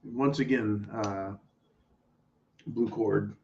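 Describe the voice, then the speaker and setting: A man hosting a live stream reads viewer messages aloud in a casual political rant to the chat, blunt, sarcastic and profane. He speaks extremely slowly with fairly even intonation, swinging between low mutters and loud outbursts, and the sound is lo-fi.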